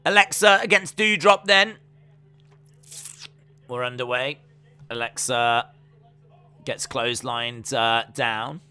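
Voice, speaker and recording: A man's voice: medium pitch, slow, long pauses, bright, forceful tone, clean tone, soft background music. A man hosting a live stream, chatting casually and calling the action play by play with plenty of fillers. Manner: chatty, rambling, trails off with fillers.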